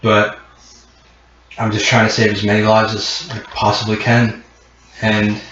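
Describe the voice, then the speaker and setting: A man voicing a weary male rebel leader who speaks earnestly and a little haltingly, in an echoey, muffled recording. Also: on the low side, fairly bright tone.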